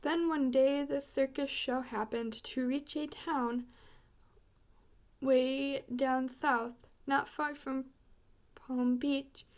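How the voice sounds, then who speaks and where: A woman storyteller reading a rhyming picture book aloud, expressive and rhythmic. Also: high-pitched, slow pace.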